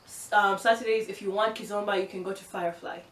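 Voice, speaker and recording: A young woman from Uganda chatting fast and excitedly in a casual vlog, given to exasperated, swearing rants. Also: medium pitch, distant mic. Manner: fast, excitable talker who speeds up. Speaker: vlogger. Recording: roomy, from the mic.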